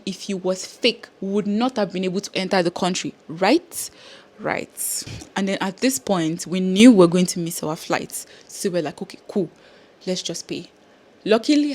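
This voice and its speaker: Young woman, mid pitch, vlogging to camera, exasperated storyteller. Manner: animated, exasperated, expressive. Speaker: travel vlogger.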